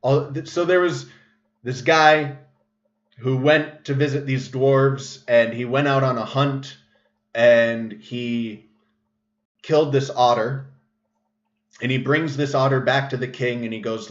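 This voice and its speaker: A man's voice: mid-range voice, steady tone, takes it slowly, pauses often. A man hosting a casual livestream monologue, rambling with many fillers and restarts, recorded in an echoey room with a dull, lo-fi sound. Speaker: show host.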